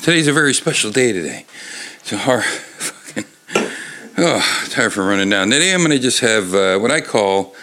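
A man's voice: fairly low pitch, expressive, normal speed, noisy background. A middle-aged man hosting his own show, talking into a desk microphone in a loose, rambling monologue that keeps breaking off and restarting, with casual swearing. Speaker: show host.

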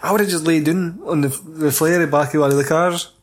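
A man's voice: fairly high pitch, steady tone, moderate pace, a little hiss or hum. A Scottish man in a casual film chat, swearing and cracking crude jokes. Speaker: film reviewer.

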